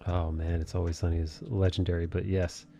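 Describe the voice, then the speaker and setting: A man hosting a relaxed live chat while he draws, reading viewer messages aloud and swearing casually. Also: low voice, brisk, vocal fry, faint music behind.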